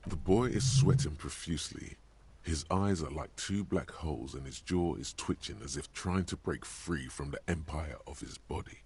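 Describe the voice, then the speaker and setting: A man voicing a wry, omniscient video game narrator, slow and measured with literary phrasing. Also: very deep voice, darkish tone, a little hiss or hum.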